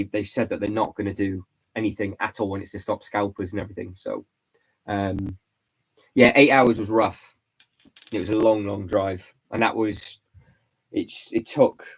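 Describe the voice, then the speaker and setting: A man hosting a casual live stream, hoarse and stuffy from hay fever and a lost voice, rambling and repeating his words as he answers chat. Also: lowish voice, rough recording. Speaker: vlog host doing a live stream.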